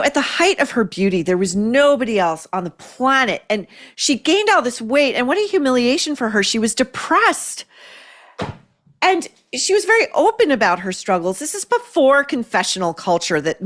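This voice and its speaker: A middle-aged woman hosting a podcast, giving blunt, sarcastic and profane opinionated commentary. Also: fairly high pitch. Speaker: podcast host.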